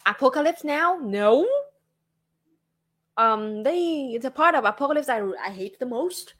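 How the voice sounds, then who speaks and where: A woman's voice: high voice, lively intonation, unhurried, a bit bright. Vietnamese-accented woman chatting on stream. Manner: chatty, frequent fillers like "like" and "you know". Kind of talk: casual livestream chat.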